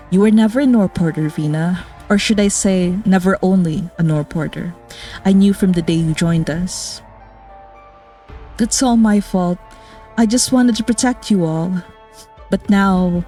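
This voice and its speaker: Woman streamer reading a game story. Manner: reads character dialogue in a plain voice, breaks off into excited high-pitched reactions.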